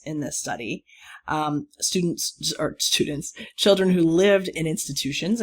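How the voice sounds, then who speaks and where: In a recorded course lecture, a lecturer with a mid-range voice explains clearly and speaks directly to students, stressing key words while rephrasing points.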